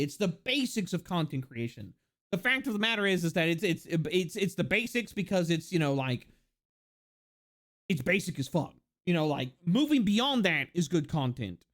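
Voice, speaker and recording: Streamer host, mid-pitched, very animated intonation, loose profane rambling delivery. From United States. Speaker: livestreamer. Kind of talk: casual live-stream rant.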